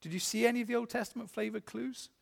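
A man preaching a sermon, earnestly asking the congregation questions and reading scripture slowly with emphasis. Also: very high voice, fairly even intonation, vocal fry. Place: church. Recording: long hall reverb.

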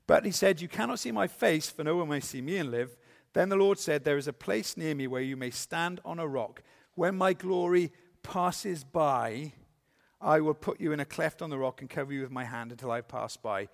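A male preacher delivering a sermon, with a slightly high voice that carries a gravelly edge. He reads scripture slowly and deliberately, then turns to the listeners with earnest questions. His voice rings out with a long reverb, as in a large church.

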